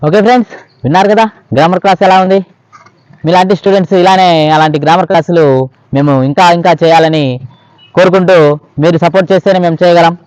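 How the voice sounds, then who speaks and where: Fast chatty Telugu-speaking host. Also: male voice, sits high, fairly even intonation, a little mellow, no echo, low-quality recording. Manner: chatty, asks viewers to like and subscribe. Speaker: channel host. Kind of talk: video outro.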